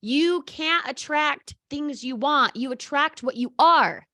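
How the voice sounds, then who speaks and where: A woman's voice: high voice, slow, sharp tone, dry recording, clean studio sound. A woman giving a bold, sassy motivational talk as a sales coach, calling out viewers by name.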